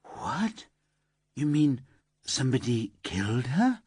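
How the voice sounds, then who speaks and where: A man voicing an anxious, eager-to-please young office worker with a high, light, slightly camp voice in an audiobook. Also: sing-song, a little slow, a little mellow, slightly rough, no echo, clean studio sound. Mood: distraught.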